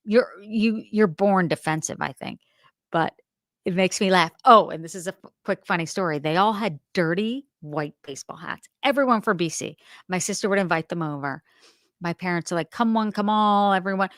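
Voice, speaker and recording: A middle-aged woman from New Jersey chats casually on a live stream, rambling and poking fun at herself. Her voice sits a little low, and the sound is dry and close with no room around it. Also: moderate pace, fairly bright tone, no echo. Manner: chatty, rambling, self-deprecating. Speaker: true-crime show host.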